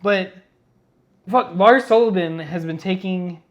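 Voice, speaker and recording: A man's voice: high voice, slow pace, dull audio. A man co-hosting a wrestling podcast in casual chat, often laughing and chiming in to agree. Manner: agreeable, laughs a lot, chimes in.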